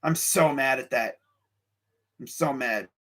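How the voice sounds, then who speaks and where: A young man hosting a casual live-streamed sports show, talking his picks with excitable energy, sighing and laughing as he goes. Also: mid-range voice, takes it slowly. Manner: excitable, animated, lots of sighs and laughs; reads live chat while talking.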